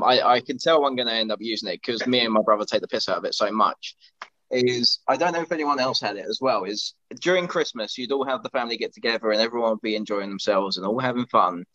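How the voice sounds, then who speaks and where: A man's voice: medium pitch, fast, fairly bright tone, highs cut off. A man telling stories with restarts in a casual podcast chat. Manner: rambling storyteller with restarts. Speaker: podcast co-host.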